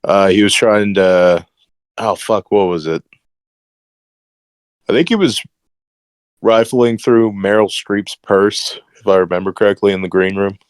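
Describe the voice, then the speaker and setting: Very deep deadpan man. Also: a little slow, long pauses, smooth, dry recording. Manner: deadpan, wisecracking. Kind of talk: casual chat.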